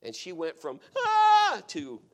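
A middle-aged pastor delivers a sermon. His voice sits a little on the high side. He drops to near-whispers, then rises to loud, emphatic declarations. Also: lively intonation, moderate pace. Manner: storytelling, swings from hushed to loud and emphatic.

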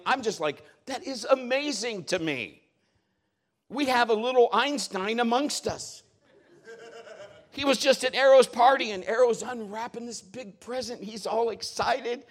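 A middle-aged man preaching a sermon as a pastor, telling stories in an animated way with big swings in his voice. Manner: animated storytelling with lively swings in pitch.

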